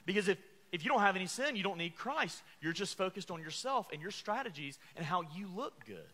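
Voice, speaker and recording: A man's voice: sits high, lively intonation, a little fast, sharp tone. A man preaching a sermon as pastor, earnest and emphatic, stressing key words. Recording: church hall reverb.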